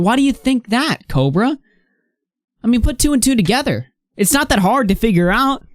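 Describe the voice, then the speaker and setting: A woman's voice: fairly low pitch, expressive, normal speed, darkish tone, no echo, studio quality. A young woman in her late teens hosting a live online commentary stream, reading posts aloud and ranting bluntly with plenty of swearing.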